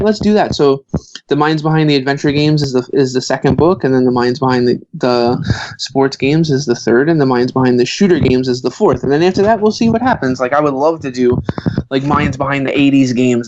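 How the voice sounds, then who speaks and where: A man in his thirties with a Brooklyn New York accent, chatting as a podcast guest and telling lively stories. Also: mid-range voice, fairly quick, muffled recording, noisy background. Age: 30s. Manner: animated storyteller, acts out quoted voices. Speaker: guest author. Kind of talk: casual podcast chat.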